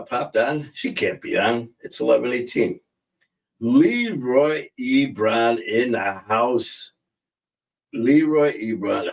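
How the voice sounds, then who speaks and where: A man's voice: fairly low pitch, darkish tone, far from the mic, low-quality recording. A man hosting a casual livestream, joking and rambling as he reads out viewer comments. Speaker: livestream host. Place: in a car.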